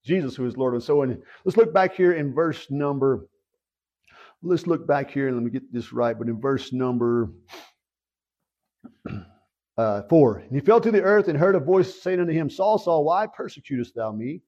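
A man's voice: mid-range voice, expressive, moderate pace, pauses often, darkish tone, highs cut off. A man preaching a sermon and leading a prayer, earnest and repetitive, asking his listeners questions again and again. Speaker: pastor.

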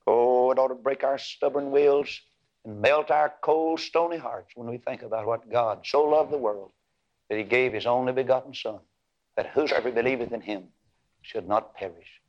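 Preacher on a lo-fi tape. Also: male voice, medium pitch. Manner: swings from hushed storytelling to loud, drawn-out, singsong preaching. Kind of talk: sermon storytelling.

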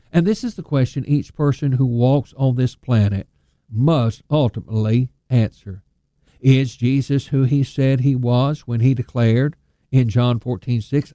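A man preaching a sermon, measured and emphatic, slowing down to stress scripture quotes. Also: medium pitch, dark tone, dry recording.

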